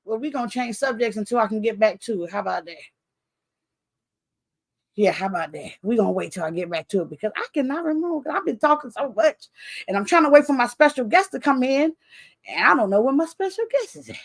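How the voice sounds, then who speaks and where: Talking quickly in a higher-pitched voice, a woman author runs her own book launch with loose, chatty talk. Her thread keeps slipping away as she rambles, and she laughs a lot, lively and expressive throughout.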